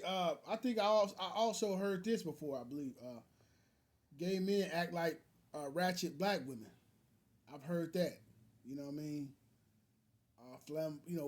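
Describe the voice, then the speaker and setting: A man's voice: sits high, a little mellow. A man hosting a casual reaction video, rambling with many fillers and restarts, calling his viewers brothers. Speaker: commentary video host.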